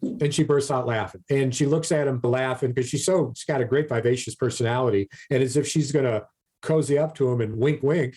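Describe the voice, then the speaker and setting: A man's voice: mid-range voice, a little fast, dark tone. A man co-hosting a casual podcast, ranting animatedly about politics, swearing freely and often repeating his words. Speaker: podcast co-host.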